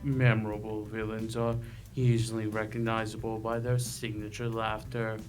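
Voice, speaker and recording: A man reading the lines of a male lecturer who teaches villains how to laugh, in a measured, instructive way. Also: on the low side, little pitch movement, lightly acted. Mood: lecturing. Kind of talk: reading game dialogue aloud. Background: game music.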